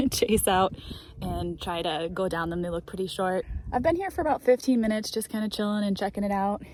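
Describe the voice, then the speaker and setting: A woman's voice: medium pitch, moderate pace, a little hiss or hum, rough recording. A middle-aged woman from the United States, chatting casually as a travel vlogger, laughing often and talking with enthusiasm from her car and outdoor overlooks.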